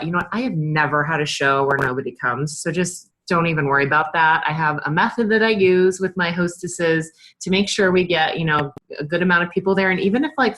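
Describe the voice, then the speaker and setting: A woman's voice: fairly low pitch, fairly bright tone. Chatty woman coaching a sales team. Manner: chatty, lots of fillers, acts out customer dialogue. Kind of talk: casual coaching talk.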